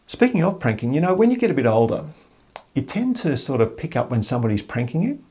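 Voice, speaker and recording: An older man telling a jokey story in a casual, animated way. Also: mid-range voice, quick pace, slightly rough. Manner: jokey, animated, acts out voices.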